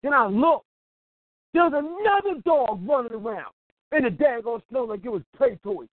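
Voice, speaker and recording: Man, storyteller, chuckling, very lively pitch, thin phone line, dry. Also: normal speed, no room sound. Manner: lively storyteller who chuckles and acts out other people's voices. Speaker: small business owner on an internet radio show. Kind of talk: animated anecdote and advice.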